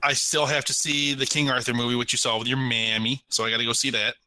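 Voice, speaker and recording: A young man co-hosting a podcast, animated and laughing often in casual chat. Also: medium pitch, fast, dry recording, poor audio. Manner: animated, laughs a lot, jumps into mock voices. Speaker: podcast co-host.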